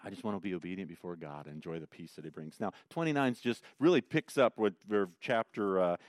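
A middle-aged male pastor preaching a sermon and reading scripture, swinging between hushed repetition and loud, emphatic points. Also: deep voice, quick pace, dry recording, clean studio sound. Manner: repeats phrases for emphasis.

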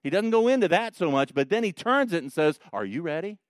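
A male pastor preaches with a high, light voice, pressing his points hard and swinging between hushed passages and loud rising ones. The sound is close and dry, with no room around it. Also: very animated, fast, clean tone, no room sound. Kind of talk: sermon.

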